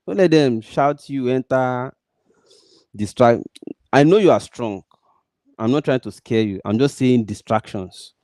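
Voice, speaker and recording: A Nigerian man blending Pidgin with English pleads earnestly to his listeners, stressing words emphatically again and again. His medium-pitched voice is warm, recorded in clean studio sound with no room noise.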